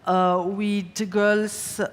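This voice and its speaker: A woman's voice: medium pitch, smooth. Chatty chef woman in a reverberant hall. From Slovenia. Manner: chatty, fast storytelling with lively quoted voices. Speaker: chef giving a stage cooking demonstration. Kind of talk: live cooking demonstration and talk. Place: large event stage with audience. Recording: long hall reverb on stage.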